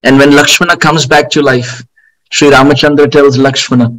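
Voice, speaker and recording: A man giving a devotional sermon, telling stories in an animated way, with outbursts and frequent laughter. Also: mid-range voice, normal speed, long pauses, rough recording. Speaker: spiritual teacher.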